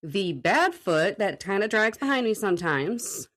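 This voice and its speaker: A woman co-hosting a podcast from her home recording room, telling a story in a casual, animated way, swearing and laughing as she goes. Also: medium pitch, unhurried. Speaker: podcast co-host.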